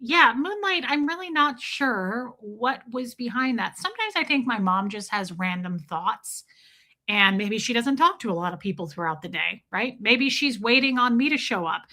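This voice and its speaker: A woman streamer telling a casual story, animated and exasperated, swearing freely with comic asides. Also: a little high, moderate pace.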